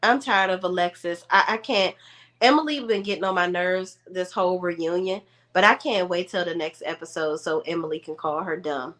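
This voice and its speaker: A woman's voice: fairly low pitch, normal speed. A woman, chatting casually and sassily to camera at home as she recaps a reality show. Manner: chatty, sassy, animated asides to viewers. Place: room at home.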